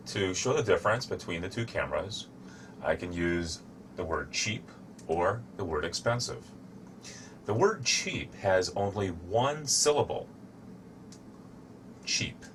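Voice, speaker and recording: A man giving a slow, deliberate English grammar lesson, showing objects as he explains. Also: low-pitched, expressive, fairly bright tone, slight background noise. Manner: shows objects to camera while explaining. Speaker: English teacher.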